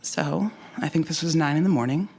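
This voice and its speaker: Woman, deep voice, storyteller on stage, frank, chatty, personal tale. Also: fast, mellow. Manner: candid and conversational, with frank asides. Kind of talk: personal storytelling to a live audience. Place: live story slam event.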